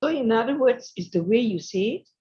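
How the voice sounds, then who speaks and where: Woman, co-host, short agreeing interjections, fast, slightly high voice. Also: expressive, dark tone, slightly rough, muffled recording. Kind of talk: casual chat.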